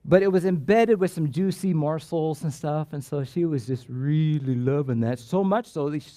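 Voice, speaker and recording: A pastor preaching a sermon in church, animated and emphatic, often repeating words and drawing out key phrases. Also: male voice, on the high side, moderate pace, dry recording. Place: church sanctuary.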